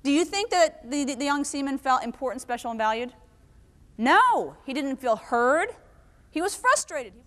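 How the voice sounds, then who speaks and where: A woman giving a lively motivational talk to a live audience, telling stories and asking the crowd questions. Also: sits high. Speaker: keynote speaker. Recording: long hall reverb.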